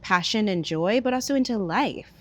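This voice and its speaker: A woman hosting an interview, affirming her guest with soft murmurs and playful riffs in casual conversation. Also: medium pitch, lively intonation, moderate pace. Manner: affirming, frequent soft mm-hmms, playful riffing. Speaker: host.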